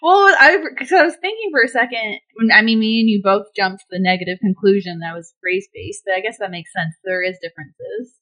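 A woman's voice: mid-range voice, quick pace, few pauses, fairly bright tone. Curious woman podcast co-host. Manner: curious, asks questions, reads aloud. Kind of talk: casual chat.

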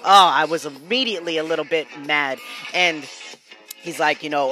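A man hosting a podcast, telling a story in a casual, slangy, animated way with frequent laughs. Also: a little high, normal speed, soft background music. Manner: animated, slangy, laughing often, loud bursts. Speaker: podcast host.

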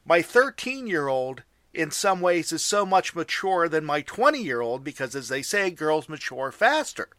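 A man's voice: fairly high pitch, sing-song, measured pace, few pauses, fairly bright tone, no room sound, clean studio sound. An American man in his forties, a father, hosting a casual chat and speaking earnestly with frequent restarts. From United States. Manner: earnest, repeats words when starting.

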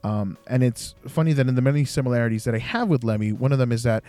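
A young man hosts a podcast and interviews his guest, talking fast in a mellow, mid-range voice. The chat is casual, friendly and rambling, packed with fillers.

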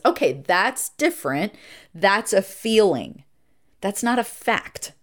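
A middle-aged woman therapist hosting a reflective podcast monologue, earnest and emphatic, slowing down to stress points and speeding through asides. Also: on the low side, expressive. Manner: earnest and emphatic, shifting between slow deliberate stresses and quick asides.

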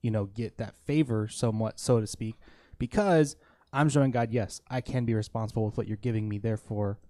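A man's voice: on the low side, steady tone, fairly quick, dark tone, dry recording. A man co-hosting a casual faith talk, thoughtful and hesitant, with many ums. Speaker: podcast co-host.

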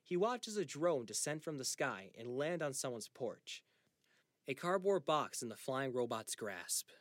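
A male narrator reading a scripted story in an even, descriptive manner. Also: medium pitch, measured pace, no room sound, studio quality.

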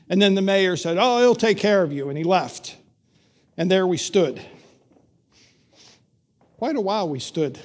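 An older male pastor telling a story in a sermon, slow and measured with dramatic pauses. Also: high-pitched.

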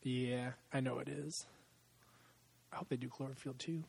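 A man's voice: medium pitch, steady tone, normal speed, vocal fry, darkish tone, slightly rough, big-room sound. A man in a casual movie chat, rambling and swearing a lot, often breaking into laughter.

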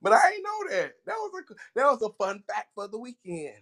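A man from Alabama hosts a loose podcast chat, his voice sitting high for a man. He teases his co-hosts and laughs often. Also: a little fast. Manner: laughs often, teasing, lively. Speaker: podcast host. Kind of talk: casual chat.

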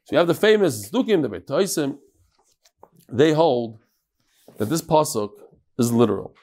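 A man leads a Talmud class in a brisk, good-humored lecture. His voice sits slightly high, and he drops into sing-song chanting for quoted lines. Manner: joking, animated, chants phrases. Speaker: Talmud teacher.

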